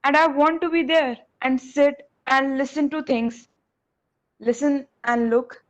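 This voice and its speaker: A woman's voice: high-pitched, steady tone, a little slow, highs cut off. A young woman reading the part of a stubborn, curious teenage boy in a class reading.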